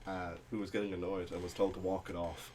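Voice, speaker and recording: A man's voice: deep voice, little pitch movement, fast, darkish tone. A young Irish man co-hosting a podcast, telling rambling travel stories in casual chat with plenty of ums and uhs. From Ireland. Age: young adult. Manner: rambling anecdotal storytelling with many fillers. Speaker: podcast co-host.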